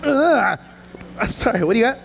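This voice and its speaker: High-voiced playful kids' show host. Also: male voice, animated, normal speed, gravelly, a bit bright, a little hiss or hum. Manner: playful, hammy, crowd-rousing. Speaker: children's show presenter. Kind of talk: energetic kids' stage show. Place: outdoor festival stage.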